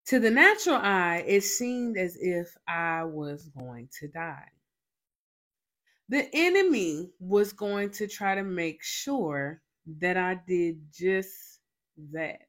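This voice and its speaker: Lower-voiced woman telling a dramatic testimony. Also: sing-song, slow pace, a bit bright. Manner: dramatic storytelling with emphatic repetition. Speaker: faith show host. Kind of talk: personal testimony.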